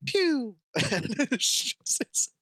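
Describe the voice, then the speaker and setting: A man co-hosting a gaming podcast, talking in a relaxed, hesitant way. He has a mid-pitched voice, and the recording sounds dry with no room echo. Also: moderate pace. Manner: relaxed, hesitant, many fillers. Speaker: podcast co-host. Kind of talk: casual podcast chat.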